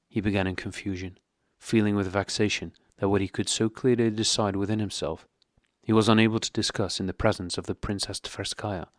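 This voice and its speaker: A man narrating an audiobook with a measured, even reading. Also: on the low side, no echo, studio quality. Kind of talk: scripted narration.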